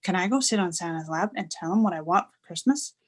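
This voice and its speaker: A woman voicing an excited young boy who pleads and bounces through his lines in a read-aloud storybook. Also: lowish voice, fast talker.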